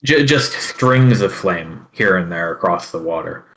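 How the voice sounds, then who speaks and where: A man narrating a tabletop game as its dungeon master, in a lowish voice. He talks slowly and deliberately, filling pauses with hums and restarts as he describes what happens. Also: expressive, a bit bright, rough recording. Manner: slow, measured narration with many fillers.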